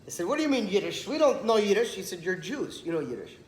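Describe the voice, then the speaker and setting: A man's voice: high-pitched, quick pace. A man giving a storytelling Torah talk, acting out the dialogue as he goes. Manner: animated storyteller, acts out dialogue. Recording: echoey room, some background noise.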